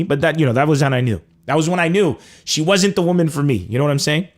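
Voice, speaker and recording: Brief: young male comedy podcast host, animated swearing storyteller, voice sits a bit high. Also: fast talker. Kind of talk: casual comedic monologue.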